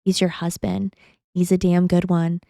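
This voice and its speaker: A woman's voice: on the low side, flat delivery, moderate pace, creaky, mellow, dry recording, clean studio sound. A woman in her thirties, a podcast guest, telling a personal story casually, acting out other people's lines and laughing often.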